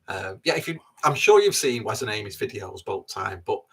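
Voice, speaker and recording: A man's voice: fairly low pitch, creaky, husky. A man co-hosting a casual live stream, joking and chatting. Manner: lively, joking, quick to laugh. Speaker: co-host. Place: narrowboat cabin.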